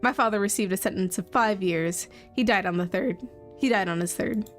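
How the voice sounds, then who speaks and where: Vengeful young rebel woman, read by a woman, accusing, intense, mid pitch, light music. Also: brisk, lightly acted. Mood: bitter.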